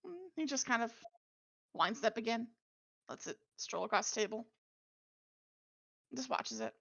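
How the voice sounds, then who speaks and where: A woman's voice: on the high side, normal speed, gravelly, a bit bright, lo-fi sound. A woman narrating as the game master of a tabletop game, describing what characters do.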